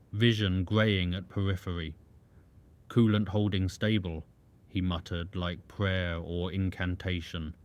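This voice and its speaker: A man giving scripted story narration in a measured, even delivery. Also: fairly low pitch. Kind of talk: scripted documentary-style narration.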